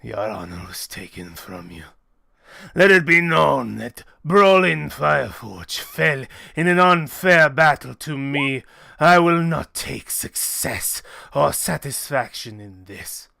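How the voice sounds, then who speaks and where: A man's voice: expressive, slow, creaky, pushed and bright, no echo, studio quality, full character voice. A man voicing a proud, honor-bound male gladiator who speaks in a grave, formal way. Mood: solemn. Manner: grave and formal, booming when angered.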